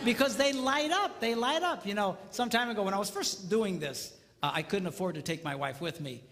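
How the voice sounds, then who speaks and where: With a high voice and a brisk pace, he presents his comedic marriage seminar on stage to a live audience. He tells stories animatedly, breaking into character voices and sounds, in a reverberant room with slight background noise.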